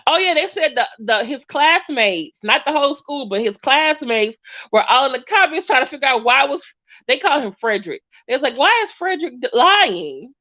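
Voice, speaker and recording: A woman's voice: sits high, lively intonation, brisk, sharp tone. A woman giving casual reaction commentary, chatty and hesitant with many fillers. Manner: chatty, hesitant, lots of ums. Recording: dull lo-fi audio.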